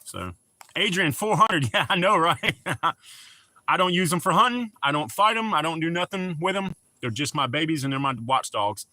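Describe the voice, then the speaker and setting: A middle-aged man hosting a laid-back livestream and chatting to his viewers. His voice sits a little high and sounds bright and forceful. He keeps greeting people by name as he talks. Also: expressive, normal speed. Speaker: livestream host. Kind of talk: casual livestream chat.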